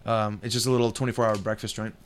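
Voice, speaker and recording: Young guy co-hosting a gaming podcast, smooth resonant voice, chill rambling stories, lots of cussing and laughing. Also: on the low side, flat delivery, rapid-fire. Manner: laid-back storytelling, swears freely, laughs often. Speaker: podcast co-host. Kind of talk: casual gaming podcast chat.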